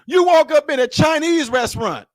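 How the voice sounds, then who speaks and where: A man doing reaction commentary on a video, teasing and animated, repeating his lines for effect. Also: extremely high pitch, moderate pace, dry recording, studio quality.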